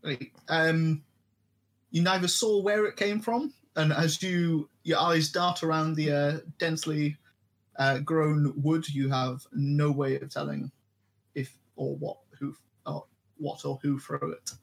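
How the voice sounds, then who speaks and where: A man narrating a tabletop role-playing game as game master, halting often with ums and restarts. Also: a little high, fairly even intonation, vocal fry.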